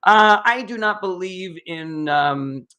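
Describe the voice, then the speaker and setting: A man's voice: high voice, lively intonation, slow pace, pushed and bright. A man hosting a political livestream, reading chat questions and answering in heated, profane rants.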